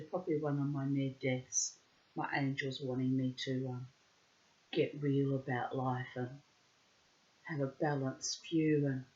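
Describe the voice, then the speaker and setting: A middle-aged woman telling a personal story in a wry, dramatic, digressive way, with florid wording. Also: deep voice. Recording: dull lo-fi recording.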